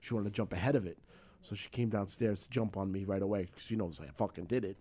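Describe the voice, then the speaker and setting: A middle-aged man, a guest telling a story in casual interview, animated and swearing freely, acting out voices. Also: on the low side, fast.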